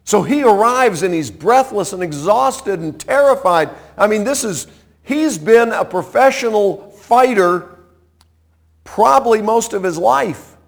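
A man preaching a sermon, retelling a story in a conversational way, with dramatic swings from loud to hushed. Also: high voice, unhurried, vocal fry. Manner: animated, conversational, dramatic shifts in loudness.

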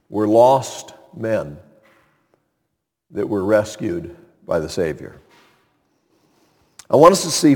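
A man's voice: mid-range voice, darkish tone, breathy edge, in a large hall. A man preaching a sermon as a pastor, earnest and building in force on key points.

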